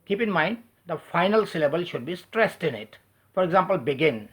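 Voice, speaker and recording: Fairly high-voiced man spelling words out. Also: lively intonation. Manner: spells words out letter by letter, slow deliberate delivery. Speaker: English teacher. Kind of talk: spelling lesson switching between English and Hindi.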